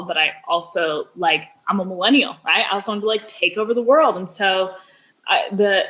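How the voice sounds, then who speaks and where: A woman's voice: fairly low pitch, bright, forceful tone. A woman in her thirties, a business founder, speaking as a podcast guest and telling a personal story in a chatty way, saying "like" often and acting out quoted dialogue.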